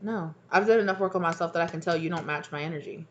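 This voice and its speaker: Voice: mid-range voice, fast talker, lo-fi sound, background noise. A tarot reader giving a casual reading to viewers, talking in a chatty, emphatic, slangy way, acting out the people being described and mumbling asides over the cards.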